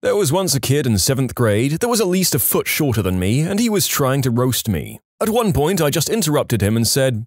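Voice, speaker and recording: A man narrating reddit stories in a scripted read, briskly and with timed punchlines. His pitch moves in an animated way, and the recording is close and dry with no room sound. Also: dry recording. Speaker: story narrator.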